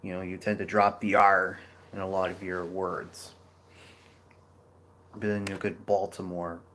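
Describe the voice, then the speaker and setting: A man's voice: low-pitched, flat delivery, a little slow, fairly bright tone, slight background noise. A man giving a casual geography lecture over a map, rambling with many fillers and restarts. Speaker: geography educator.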